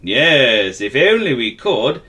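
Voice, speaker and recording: A man's voice: medium pitch, very animated, slow pace, full character voice. A man doing a solemn, murmuring railway boss. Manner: gentle, murmuring hmm. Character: stout kindly male railway boss, solemn and soothing.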